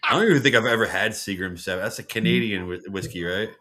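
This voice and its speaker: A man's voice: fairly low pitch, quick pace, background noise. A man in a casual chat on a video call, chatty and laughing, asking lots of questions.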